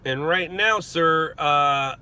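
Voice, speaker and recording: A man's voice: fairly high pitch, takes it slowly, sharp tone, smooth. A man working as a news stringer, chatting and joking with live-stream viewers from inside a parked car, talking into his phone. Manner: joking, chatty, laughs often. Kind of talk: casual live-stream chat.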